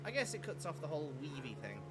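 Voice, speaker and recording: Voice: medium pitch, big pitch swings, quick pace. A Welsh gaming host giving playful let's play commentary, swinging from mumbled asides to squealing outbursts. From Wales. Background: game music.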